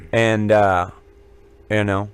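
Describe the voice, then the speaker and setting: A man's voice: on the low side, little pitch movement, drawn-out words, smooth, no room sound. A man co-hosting a casual podcast, telling a long joking anecdote in a rambling way. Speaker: podcast co-host. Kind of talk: casual storytelling.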